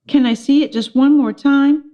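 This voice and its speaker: A woman's voice: high voice, steady tone, moderate pace, dark tone, voice pushed up, lightly acted. Woman doing a cooing, gushing schoolgirl. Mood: fussing. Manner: breathless, cooing and swooning. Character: gushing fourth-grade girl, clingy and adoring.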